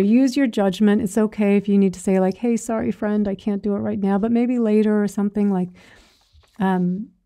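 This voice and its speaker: A woman spiritual teacher giving a calm, encouraging lesson, coaching listeners to breathe and speak confidently. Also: mid-range voice. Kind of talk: gentle guided teaching.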